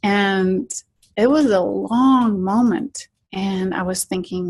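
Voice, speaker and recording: Earnest woman with a gravelly voice. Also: mid-range voice, slow pace, poor audio. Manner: soft, earnest, drops to whispers in tense moments. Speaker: interview guest, spiritual guide. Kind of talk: storytelling in an interview.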